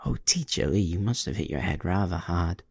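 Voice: deep voice, animated, fairly quick, creaky, a little mellow, slightly rough, no room sound, clean studio sound, heavily acted. A man voicing an eerie, thin-voiced companion who murmurs with pity and mockery in a storybook reading. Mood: pitying, mocking. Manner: murmuring, pitying, mocking.

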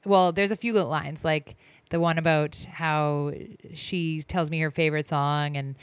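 Casual female radio host, 30s, smooth voice, dry close mic, rambling between tracks. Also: low-pitched, steady tone, unhurried, no room sound. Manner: chatty and rambling, with many ums and self-corrections.

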